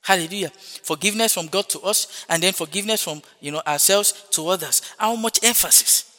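Man, preacher, sermon, bright forceful tone, fairly high voice, long hall echo. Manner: repeats hallelujah and praise God between points; stretches words slowly for emphasis.

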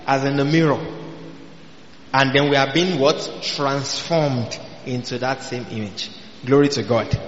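A man preaching a sermon. He asks the listeners questions and answers them himself, and he keeps breaking in with hallelujahs. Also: a little high. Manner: call-and-response questions, frequent hallelujahs. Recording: echoey hall, dull lo-fi sound.

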